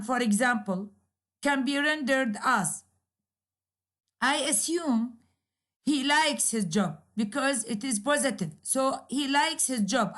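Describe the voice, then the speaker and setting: Brief: woman lecturer, native Arabic speaker, high voice, unhurried, repeats herself to drive points home. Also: a bit bright. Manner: slow, repeats key phrases, hesitant fillers. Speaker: university English lecturer. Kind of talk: recorded grammar lecture.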